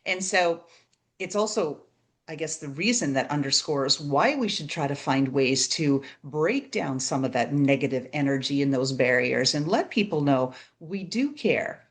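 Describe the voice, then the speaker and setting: A woman's voice: sits low, lively intonation, measured pace. A woman hosting a business podcast, chatty and often checking in with her guest. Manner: chatty, tags statements with "right?". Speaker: podcast host. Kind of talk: conversational interview.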